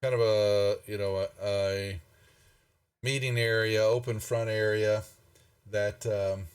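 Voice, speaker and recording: A man's voice: on the low side, fairly even intonation, slow pace, clear, resonant tone, far from the mic. A man running a tabletop game as game master, describing scenes in a loose, rambling way.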